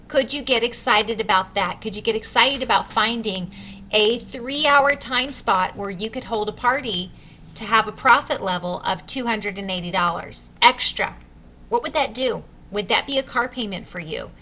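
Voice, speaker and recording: Bright-voiced upbeat woman coaching sales. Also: medium pitch, slight background noise. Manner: upbeat, coaching, addresses listeners directly. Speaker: sales director training new consultants. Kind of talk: enthusiastic sales training talk.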